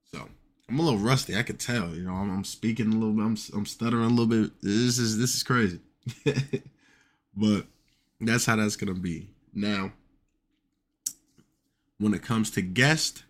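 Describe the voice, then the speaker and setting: Deep-voiced man hosting a casual podcast. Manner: loose, rambling, says "you know" often. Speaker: podcast host. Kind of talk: casual solo podcast talk.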